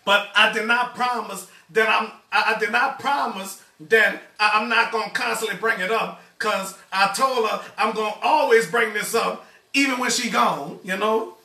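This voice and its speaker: A man's voice: high voice, moderate pace, pushed and bright. Stammering man hosting a cooking stream. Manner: stammering, repeats words, addresses viewers as y'all. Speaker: cooking show host. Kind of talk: casual live-stream chat. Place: home kitchen. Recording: echoey kitchen, distant mic.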